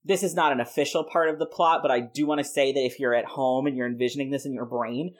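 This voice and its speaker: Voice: medium pitch, steady tone, fast. A podcast host in a casual chat, playfully rambling through a made-up comic plot with lots of "like" fillers. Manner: playful, rambling, frequent laughs and many "like" fillers.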